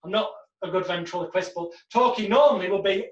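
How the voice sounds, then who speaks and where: A man's voice: high-pitched, a little fast. Man teaching in a roomy, distant recording. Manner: lively storyteller who acts out quotes. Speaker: hypnosis trainer. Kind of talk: casual teaching monologue. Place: home room in front of a backdrop. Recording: roomy, distant, dull sound.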